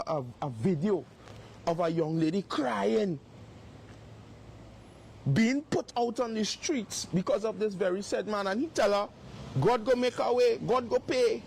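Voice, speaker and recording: A man's voice: high-pitched, a little mellow, slight background noise. A man livestreaming from outdoors on his phone, making repeated, emphatic accusations. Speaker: live-stream host. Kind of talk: livestream exposé. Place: outdoors by a property.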